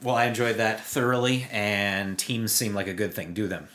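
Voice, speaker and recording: A man's voice: fairly low pitch, fairly even intonation, normal speed, fairly bright tone. A man co-hosting a casual podcast chat who drops dry, joking asides. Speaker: podcast co-host.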